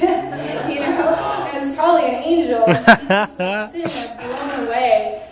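A woman speaker sharing testimonies at a conference, telling animated stories with quoted dialogue and laughing between lines. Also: high voice, a little slow. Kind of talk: testimony storytelling. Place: large conference hall. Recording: echoey hall, voice from a distance.

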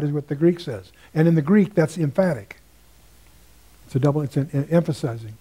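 A man's voice: on the high side, animated, fast talker, dark tone, breathy edge. An older man teaching a Bible study lecture in a musing, digressive way, lifting his voice when he quotes scripture.

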